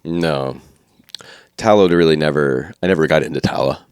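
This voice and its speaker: Male comedy co-host, extremely deep voice, deadpan, dry sound. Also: moderate pace, clear, resonant tone, no echo. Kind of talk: casual comedy podcast chat.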